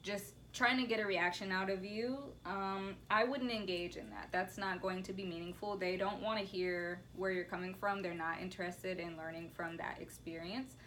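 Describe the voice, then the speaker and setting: A woman's voice: fairly low pitch, normal speed, few pauses, slight background noise, poor audio. A woman who teaches college, talking earnestly in a casual discussion and acting out the people she quotes. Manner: earnest, animated when quoting others. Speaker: college instructor.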